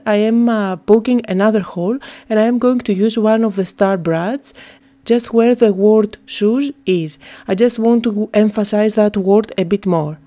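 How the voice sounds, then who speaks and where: A woman narrating a step-by-step card-making tutorial, calm and explanatory, with frequent "uh" fillers. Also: mid-range voice.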